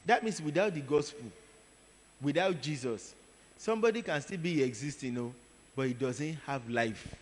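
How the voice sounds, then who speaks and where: A man preaching a sermon, telling a story in an animated way and repeating words for emphasis. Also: on the high side, moderate pace. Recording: long hall reverb.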